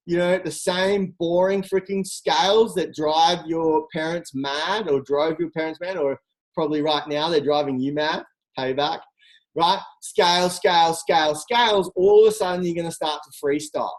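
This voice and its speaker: A coach giving an energetic, direct motivational talk on a group call, full of rhetorical questions. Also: mid-range voice, poor audio. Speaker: team coach.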